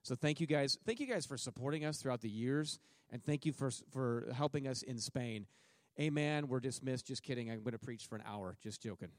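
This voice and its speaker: A man's voice: mid-range voice, a little fast, dry recording, clean studio sound. A middle-aged man speaking to a church as a missionary, telling a story with jokes and acting out what people said. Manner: joking storyteller, acts out his own and others' words. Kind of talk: sermon testimony.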